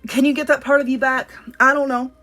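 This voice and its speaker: A woman's voice: high-pitched, flat delivery, fairly quick, bright, forceful tone. A woman with a Southern US accent giving a casual spoken card reading, talking earnestly and directly to the viewer. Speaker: tarot reader.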